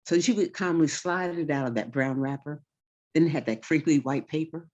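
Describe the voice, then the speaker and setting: Relaxed woman storyteller. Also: low voice, normal speed. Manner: relaxed, folksy, vivid detail. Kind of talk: conversational oral storytelling. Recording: slightly dull recording.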